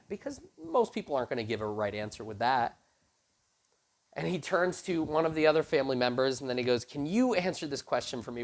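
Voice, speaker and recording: A man's voice: medium pitch, fairly quick. A man preaching to a youth group, retelling a Bible story casually and acting out the characters' lines. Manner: animated, acts out quoted characters with casual slang. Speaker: youth pastor.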